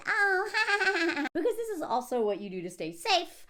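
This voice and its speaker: A woman talks through a TV scene in a casual reaction commentary. Her voice sits high and bounces all over with lively swings. She laughs often and slips into acting out lines from the scene. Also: measured pace. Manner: animated, laughs often, acts out scene quotes.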